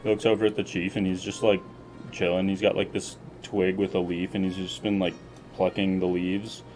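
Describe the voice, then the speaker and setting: A man running a tabletop game, casual and quick to laugh. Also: sits low, flat delivery, darkish tone, faint music behind, low-quality recording. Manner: laughs often, loose and casual. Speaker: game master.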